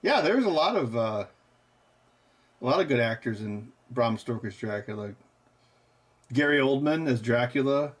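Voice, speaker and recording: Husky-voiced man rambling with his chat. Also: mid-range voice, animated, moderate pace, pauses often. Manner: rambling, loose, filler-heavy. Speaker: livestream host. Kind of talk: casual chat answering live chat.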